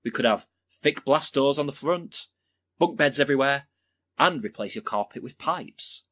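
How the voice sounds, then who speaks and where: A man's voice: mid-range voice, lively intonation, moderate pace, pushed and bright. A man playing an overeager, pushy home makeover TV host, with a theatrical presenter's delivery. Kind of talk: sketch comedy acting.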